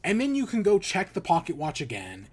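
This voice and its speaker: A man on a podcast retelling a game's plot in a loose, rambling way. He swears freely and stumbles through restarts. His voice sits a bit high for a man. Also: a little fast, slightly rough. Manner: rambling, profane, animated retelling with many restarts. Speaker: podcast host. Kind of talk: casual spoilery game review.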